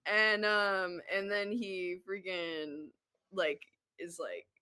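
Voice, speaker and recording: A woman in a casual group call, retelling a story haltingly and repeating her phrases. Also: medium pitch, steady tone, crowd noise.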